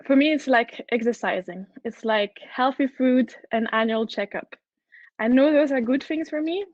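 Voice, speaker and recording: Brief: woman with a French accent, conference speaker, fairly high voice, earnest and keen, dull dry recording. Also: normal speed, a little mellow, no room sound. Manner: enthusiastic, earnest, with frequent restarts. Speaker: head of product, conference speaker. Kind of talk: conference talk.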